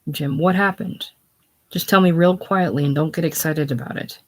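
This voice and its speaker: Jim, a calm, steadying young man, as a reader voices him. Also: mid-range voice, normal speed, close to an everyday voice. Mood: soothing. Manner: firm, soothing.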